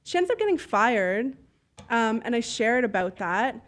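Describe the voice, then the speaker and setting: A woman from Canada, a guest in a casual interview, tells her stories bluntly and with plenty of energy. Her voice sits a bit high, and she peppers her speech with "like" and the odd curse while she acts out what other people said. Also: measured pace. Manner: animated, blunt storyteller who swears; fillers and acted-out dialogue. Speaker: podcast guest, business owner.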